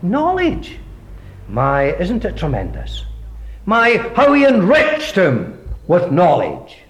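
Animated preacher man with a lively voice. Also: fairly high pitch, slow pace. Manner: emphatic, rhetorical questions, swings from loud to hushed. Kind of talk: sermon.

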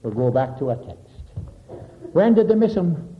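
A man preaching a sermon with dramatic delivery, sinking to a soft low voice for emphasis and explaining Greek words. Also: big pitch swings, measured pace, slight background noise. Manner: expounds Greek word meanings. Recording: dull lo-fi recording.

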